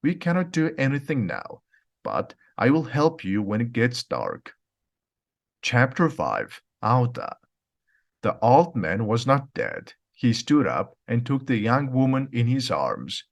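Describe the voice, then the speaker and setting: A man reading a simple graded storybook aloud, slowly and clearly for language learners. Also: mid-range voice, big pitch swings. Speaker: audiobook reader. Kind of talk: graded reader narration.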